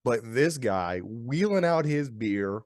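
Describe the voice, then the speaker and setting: A man's voice: mid-range voice, expressive, takes it slowly, a little mellow, no room sound. A man with a mid-range voice recorded close and dry. He co-hosts a casual podcast, chiming in with short remarks and laughing easily. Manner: laid-back, chimes in and laughs. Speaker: podcast co-host. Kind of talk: casual chat.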